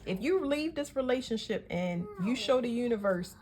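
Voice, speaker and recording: A woman's voice: fairly high pitch, lively intonation, normal speed, darkish tone. A woman giving a casual tarot reading, talking in a chatty, emphatic way and often correcting herself mid-sentence. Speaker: tarot reader.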